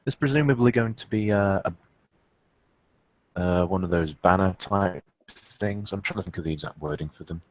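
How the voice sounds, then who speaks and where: A man's voice: low-pitched, normal speed. A man acting as storyteller for a tabletop role-playing game, narrating with hesitations as he searches for words.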